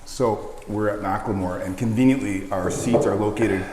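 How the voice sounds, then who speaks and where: A man with a fairly low, darkish voice and fairly even intonation tells a rambling story at a moderate pace while eating hot wings as a guest, laughing and swearing. The echoey room adds long reverb, along with a little hiss or hum.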